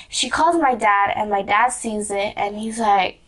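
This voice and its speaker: A woman's voice: medium pitch, unhurried, few pauses. A young woman vlogger telling a casual story, rambling with lots of fillers, restarts and giggles.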